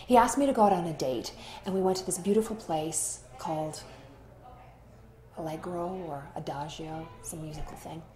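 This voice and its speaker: A woman's voice: deep voice, moderate pace, warm tone. A woman actor in an interview, chatty and rambling, telling stories and acting out the dialogue. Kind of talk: candid interview storytelling. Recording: roomy echo.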